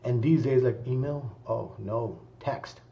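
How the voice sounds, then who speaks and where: A male guest on a podcast, answering in a lively conversational way and acting out quoted voices. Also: medium pitch, a little slow, gravelly, slight background noise. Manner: animated, acts out quoted voices. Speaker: guest sales leader. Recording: dull lo-fi recording.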